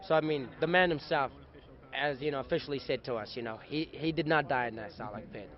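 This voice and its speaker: A young man, an actor being interviewed outdoors at a fan convention, chatting in an animated, playful way. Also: medium pitch, fast. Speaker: actor guest. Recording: dull lo-fi sound.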